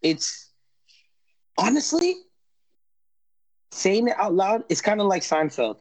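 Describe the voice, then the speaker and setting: A man talks in a relaxed podcast chat, rambling through a sitcom recap with slang and many restarts. His voice sits a bit high for a man. The sound is dry and close, with no room around it. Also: takes it slowly, dry recording, low-quality recording. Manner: rambling, laid-back, lots of restarts and slang. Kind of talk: casual chat recapping a TV show.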